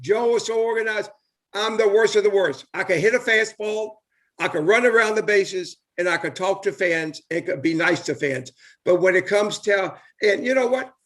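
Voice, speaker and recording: A man's voice: sits high, fairly bright tone. A man, hosting a casual live video chat and rambling enthusiastically with lots of fillers and repeats. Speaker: host, former baseball player.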